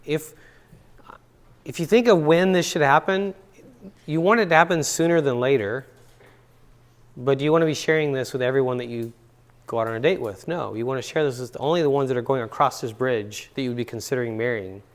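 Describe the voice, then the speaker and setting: Speaking fairly quickly in a mid-range voice, a middle-aged counselor leads a casual relationship seminar in a university seminar room. He tells stories, chats with the audience and leans on repeated words for emphasis.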